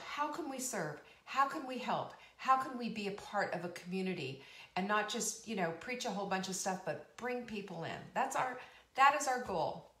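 A woman's voice: mid-range voice, fairly bright tone. A woman in her fifties hosting a live show, chatting in a bubbly, rambling way with frequent laughs and emphatic repeats. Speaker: host of a live cooking and wellness show. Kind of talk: casual live-stream chat. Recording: roomy echo.

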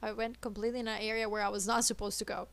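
A woman streaming a co-op game, chattering nervously and excitedly as she plays. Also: medium pitch, racing, gravelly. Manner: excitable, nervous, switches between English and Italian. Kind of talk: live gameplay chatter.

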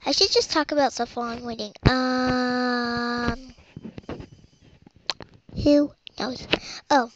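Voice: medium pitch, steady tone, slow pace, pauses often, fairly bright tone, a little hiss or hum. A child rambling through game commentary as host of their own let's play, with muttered asides. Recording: dull lo-fi home recording.

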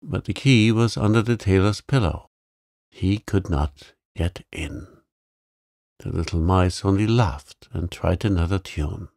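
A man reading a bedtime sleep story in a calm, soothing, gravelly voice. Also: low-pitched, measured pace, dry recording, studio quality. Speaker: narrator.

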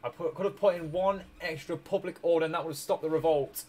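A man's voice: on the high side, quick pace, a little mellow. A man streaming a strategy game, rambling through his moves with restarts and small chuckles while tired and hiccuping. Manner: rambling, self-correcting, chuckling. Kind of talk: casual gameplay commentary.

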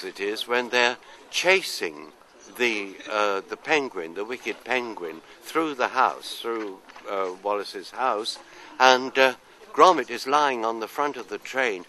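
An older man from London, telling anecdotes and answering interview questions in an unhurried, rambling way. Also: mid-range voice, expressive, sharp tone, slight background noise, rough recording. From London, England. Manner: anecdotal, unhurried, trailing off into asides. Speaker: actor being interviewed. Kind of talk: casual interview chat.

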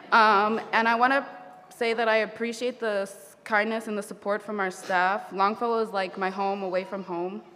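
A young woman, a graduating student, reading her speech casually, a little halting, with light laughs. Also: mid-range voice, flat delivery, fairly bright tone. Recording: reverberant hall with faint noise.

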